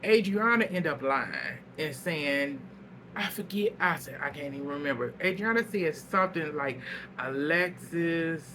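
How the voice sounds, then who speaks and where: A man's voice: on the high side, measured pace, background noise. A man casually recapping a reality show episode, telling it as gossip with lots of laughter and salty language. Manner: animated storytelling, laughs a lot, salty language.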